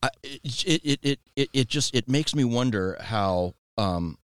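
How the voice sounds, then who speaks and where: A man's voice: mid-range voice, animated, measured pace, clear, resonant tone, no room sound. A man chatting casually on a podcast, telling family stories with dry, self-deprecating humor and frequent restarts. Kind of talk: casual chat, storytelling.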